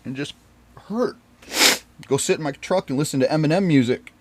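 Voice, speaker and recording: Earnest man with a fairly high voice. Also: moderate pace, noisy background. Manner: rambling, with restarts and repeated phrases; earnest and pained, often dropping quiet. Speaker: storyteller recounting his marriage. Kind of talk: emotional personal storytelling.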